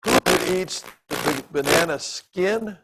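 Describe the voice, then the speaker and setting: An older man tells stories from the pulpit in a loose, conversational sermon. His gravelly voice wanders through ums and little asides. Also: high voice, unhurried, heavy background noise. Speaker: preacher and missionary. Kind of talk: storytelling sermon.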